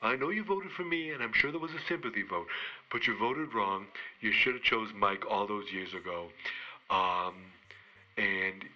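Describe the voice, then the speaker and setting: A man co-hosting a podcast, giving a rambling, self-mocking comedic monologue of wrestling picks with halting restarts. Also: lowish voice, highs cut off.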